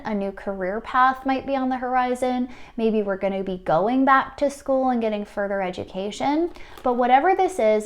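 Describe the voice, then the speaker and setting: A high-pitched woman running a pick-a-card oracle reading. She keeps bursting into excited exclamations, then settles into a soft, reassuring tone as she speaks straight to the listener. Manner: gushing, excitable, exclaims often; soothing, reassuring addresses to the listener. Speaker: tarot card reader.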